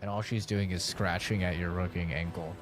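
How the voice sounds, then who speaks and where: A man's voice: low voice, fairly even intonation, fairly quick, soft background music. A young man streaming a video game, joking, swearing and reading tooltips aloud. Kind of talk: casual gaming commentary.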